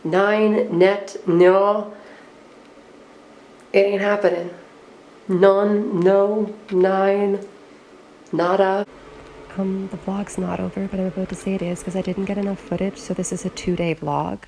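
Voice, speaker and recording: A woman's voice: mid-range voice, little pitch movement, slow, long pauses, a little mellow, a little hiss or hum, low-quality recording. A young woman in a casual student vlog, chatty and self-deprecating, rambling through her day. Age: young adult. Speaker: student vlogger. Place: around a snowy campus and her kitchen.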